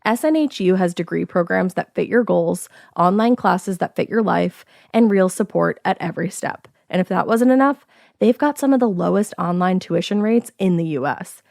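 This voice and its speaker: Chatty gravelly woman podcast host. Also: lowish voice, expressive, moderate pace, a little mellow, dry recording, studio quality. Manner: bubbly, chatty, playful. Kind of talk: casual chat and host-read ads.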